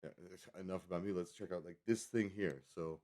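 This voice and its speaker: A man's voice: sits low, a little fast, a little mellow. A man livestreaming, rambling casually as he reads a web page aloud and stumbles over foreign names. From Colorado. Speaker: livestream host.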